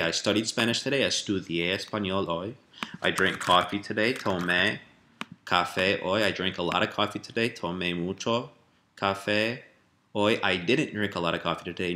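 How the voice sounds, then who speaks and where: A man giving a relaxed spoken language lesson, explaining step by step with fillers and rephrasing. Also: deep voice, noisy background. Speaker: language teacher.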